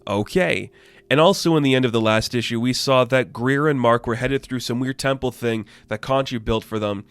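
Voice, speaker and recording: A man giving a casual, excited comic book review, talking loosely and swearing freely. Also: medium pitch, moderate pace, smooth, dry recording.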